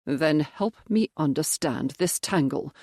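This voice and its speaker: A grim, steady gentleman presses his questions without letting up, as the narrator reads him. The delivery stays controlled and firm. The sound is close and dry. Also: medium pitch, slow, no room sound. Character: grim, determined male baronet and major.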